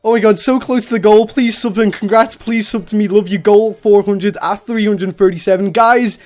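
A woman streaming a game live, chatting to viewers and breaking into excited shrieks and laughs of disbelief. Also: medium pitch, moderate pace.

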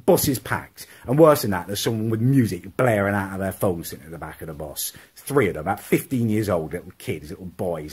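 A man delivering an indignant comic rant, swearing and climbing high in pitch as he gets outraged. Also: darkish tone. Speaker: comedy ranter.

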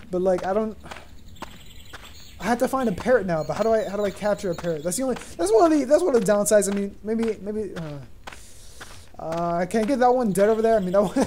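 A man's voice: sits high, dark tone, a little hiss or hum. A man giving casual gameplay commentary, thinking aloud, unsure of himself and swearing casually. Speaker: gaming YouTuber.

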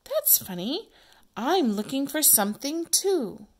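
A woman's voice: sits high, sing-song, slow pace, a little mellow, voice pushed up, heavily acted. A woman teacher reading aloud the part of a cheerful woman in a children's play. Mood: friendly. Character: cheerful adult woman, Miss Rosa.

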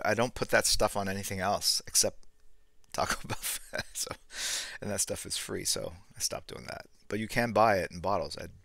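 Low-voiced older man chatting on stream. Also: no room sound. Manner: rambling, gets loud and worked up then trails off quietly. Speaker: artist streaming while drawing. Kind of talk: casual live-stream chat reading comments.

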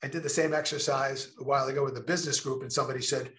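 Emphatic man giving a lively talk. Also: mid-range voice, reverberant. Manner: expressive, emphatic, with drawn-out pauses. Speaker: speaker presenting a creativity session. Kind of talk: lecture-style talk to a remote audience.

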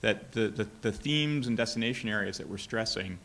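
Lower-voiced man, hesitant question. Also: fairly quick, a bit bright, a little hiss or hum. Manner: hesitant, with repeated words. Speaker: faculty member asking a question. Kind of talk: audience question.

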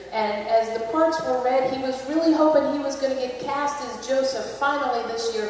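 A woman's voice: on the high side, darkish tone, a little hiss or hum. A woman pastor giving a Christmas Eve sermon, telling a story in a conversational way. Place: large church sanctuary. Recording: echoey church hall, distant mic.

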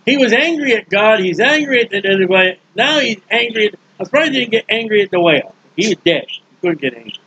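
A man preaching in a casual Bible teaching style, folksy and joking, acting out characters in quick asides. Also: sits high, expressive, sharp tone, dull audio, a little hiss or hum.

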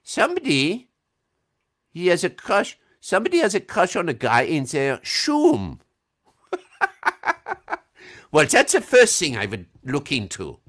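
Playful man with a lively high voice. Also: measured pace, pauses often. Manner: playful, laughs often, reads chat comments aloud. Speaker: voice actor answering fan questions. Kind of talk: casual livestream Q&A.

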